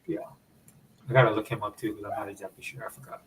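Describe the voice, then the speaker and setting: A man from Hawaii with a Hawaiian accent, chatting casually as a podcast co-host in a relaxed, rambling way. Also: on the low side, fast talker, low-quality recording. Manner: laid-back, rambling explanations. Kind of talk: casual chat.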